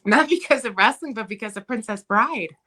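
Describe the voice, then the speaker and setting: A middle-aged woman from Minnesota with a Minnesota accent, chatting as a guest and telling stories in an animated way. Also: a little high, fairly quick. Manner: animated storyteller who laughs often and acts out quotes. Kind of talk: casual chat.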